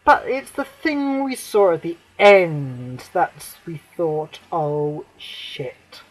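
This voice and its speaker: A man ranting to camera as a fan, swearing a lot, rambling with many fillers, and breaking into shouted outbursts. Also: high-pitched, very animated, takes it slowly, rough recording. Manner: shouts and near-cries in outbursts. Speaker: vlogger.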